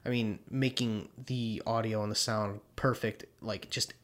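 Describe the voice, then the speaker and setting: A man's voice: lowish voice, fairly even intonation, a little slow, fairly bright tone. A young man co-hosting a podcast in casual chat, laid-back, swearing often and laughing a lot. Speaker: podcast co-host.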